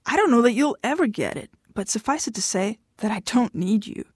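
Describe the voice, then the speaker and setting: A woman voicing a blunt, dismissive young wife in an audiobook, cutting and sharp-tongued. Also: a little high, animated, brisk, husky, no room sound, clean studio sound. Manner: cutting, dismissive, flares into shouting. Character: blunt, cold young wife pushing her husband away. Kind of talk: audiobook dialogue.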